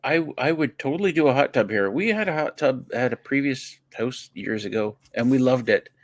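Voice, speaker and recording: A man's voice: medium pitch, expressive, normal speed, no echo. A man co-hosting a casual livestream, teasing his partner with dry jokes. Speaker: co-host. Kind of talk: casual banter.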